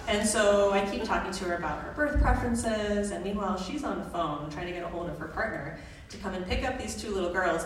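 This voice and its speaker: Woman telling a funny story on stage. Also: fairly low pitch. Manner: comic, self-mocking, vivid delivery. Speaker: storyteller, student midwife. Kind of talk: live personal storytelling. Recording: echoey, distant live hall recording with background noise.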